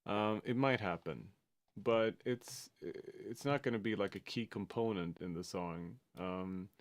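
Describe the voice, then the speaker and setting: A man's voice: lowish voice, unhurried, dry recording. A man from Sweden, a music producer talking casually on a livestream, hesitant and full of fillers and restarts.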